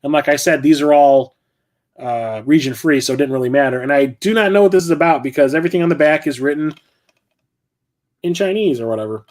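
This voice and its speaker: Rambling man, higher voice. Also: fairly quick, darkish tone. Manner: rambling, profane, self-correcting. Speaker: game collector and channel host. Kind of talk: casual vlog chat.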